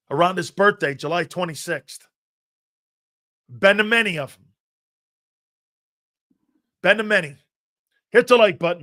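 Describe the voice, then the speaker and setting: Sports talk host, man, fairly high, bright and forceful voice, emphatic and argumentative, loops back on his phrases. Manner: emphatic, argumentative, repeats himself while building a point. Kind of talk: opinionated sports talk on a live stream.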